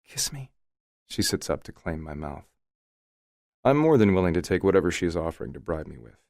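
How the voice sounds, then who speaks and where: Deep gravelly man narrating romance. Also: lively intonation, a little fast, a little mellow, no echo, clean studio sound. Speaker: audiobook narrator. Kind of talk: scripted first-person romance narration.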